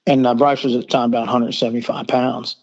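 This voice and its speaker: A man's voice: mid-range voice, little pitch movement, quick pace, darkish tone, highs cut off. A middle-aged man with a Southern US accent, a podcast guest telling stories at length and acting out the dialogue. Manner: rambling, acts out quoted dialogue. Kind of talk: casual storytelling. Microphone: remote call.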